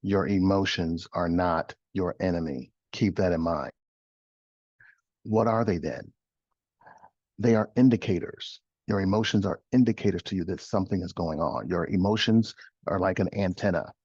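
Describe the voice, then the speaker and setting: A middle-aged host and life coach with a low, husky, slightly mellow voice delivers a motivational coaching talk at a moderate pace. He speaks emphatically, repeating phrases and posing rhetorical questions. The studio recording sounds dry and a little dull.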